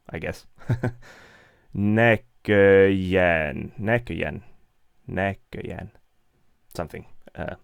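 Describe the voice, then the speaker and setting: A man's voice: fairly low pitch, dry recording, clean studio sound. A young man, chatting casually and laughing often as he reads out and answers live chat. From Sweden.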